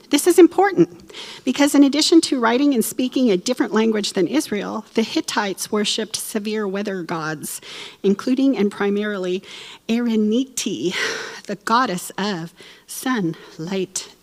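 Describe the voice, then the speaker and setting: Woman Bible teacher, slightly high voice, warm and expressive, tears up and jokes. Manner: expressive, emotional, playful asides. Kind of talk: church Bible lesson.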